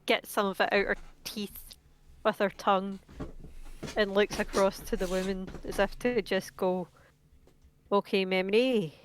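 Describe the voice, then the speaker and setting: A woman's voice: medium pitch, flat delivery, unhurried, slight background noise. Playful woman playing a game. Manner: casual, filler-heavy, playful. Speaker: player. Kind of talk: narrating her character in a tabletop game.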